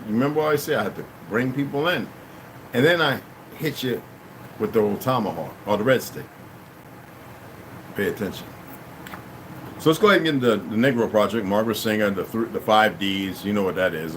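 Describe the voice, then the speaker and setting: A man's voice: lowish voice, a little hiss or hum, rough recording. A man hosting his own channel, reading a text aloud and breaking off into casual asides to his listeners. He stumbles over hard words and restarts often. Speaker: channel host.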